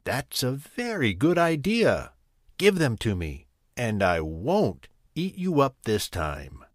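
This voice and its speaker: A greedy jungle tiger drawls in slow, self-satisfied tones, as a man puts him on. The recording is dry and close. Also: mid-range voice, huge pitch swings, no echo. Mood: smug.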